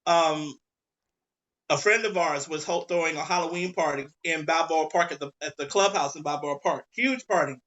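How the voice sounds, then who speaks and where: Man, 40s, bright high voice, relaxed storyteller, dull video-call sound. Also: moderate pace. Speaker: co-host and drag performer. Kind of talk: casual chat.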